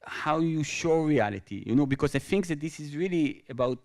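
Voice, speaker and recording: A man from Israel with an Israeli accent, telling a story on stage as a guest author, halting and full of restarts and repeated words. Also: fairly high pitch, lively intonation, darkish tone. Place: stage at an awards event.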